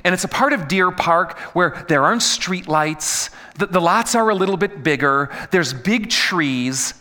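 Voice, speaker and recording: A middle-aged man delivers a casual, animated sermon, his bright, forceful voice swinging widely in pitch. He keeps asking his listeners questions and stumbles into quick repetitions. A long reverb trails each phrase, as in a big sanctuary. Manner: animated, asks the audience questions, stumbles and repeats words. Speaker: pastor. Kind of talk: conversational sermon.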